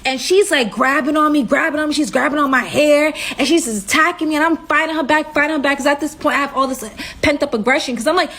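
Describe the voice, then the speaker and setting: Animated New woman telling a story. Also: sits high, fast talker, few pauses. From Brooklyn, New York. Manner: animated, slangy, emphatic retelling. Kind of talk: storytime vlog.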